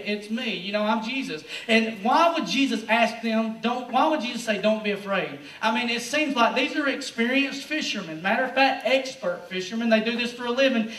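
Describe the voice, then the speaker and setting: Man, pastor, casual lively sermon, roomy reverb, set back from the mic. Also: very high-pitched, far from the mic. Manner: lively, slangy preaching to a youth crowd. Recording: roomy echo, speaker away from the mic.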